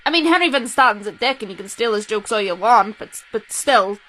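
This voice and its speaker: Young female vlogger, fairly high pitch; chatty, emotional fan with quick self-interrupting restarts. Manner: excitable, talks fast with restarts and self-interruptions. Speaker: vlogger reacting to a TV rewatch. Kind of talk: casual chatty reaction commentary.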